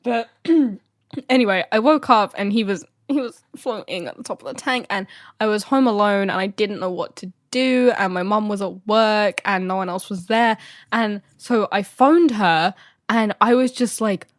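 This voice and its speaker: A woman's voice: mid-range voice, moderate pace, no echo, clean studio sound. A young woman co-hosting a podcast, telling stories in a rambling, giggly way. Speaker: podcast co-host. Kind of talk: casual chat.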